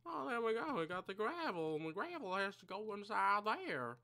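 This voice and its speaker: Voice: medium pitch, big pitch swings, normal speed, sharp tone. A gaming channel creator giving casual gameplay commentary, mumbling and thinking aloud to themself at a desk mic.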